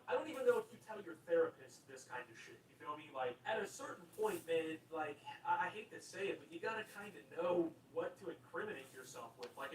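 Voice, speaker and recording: A young man hosting a casual commentary channel, rambling and swearing with constant likes and bros. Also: a little high. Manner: rambling, profane, fillers of like and bro. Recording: echoey room, mic at a distance, faint noise.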